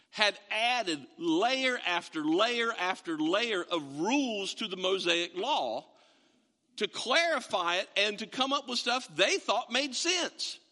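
A man preaching with a high, bright voice that leaps up and down as he acts out the people he describes. His sermon rings through a large hall with a long reverb. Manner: animated, acts out imagined voices. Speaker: pastor.

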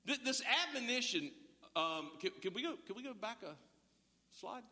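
A man's voice: sits high, expressive, fairly quick, pushed and bright. A man in his fifties preaching a sermon in a church hall, in a conversational way that often repeats words as he starts a sentence. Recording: long hall reverb.

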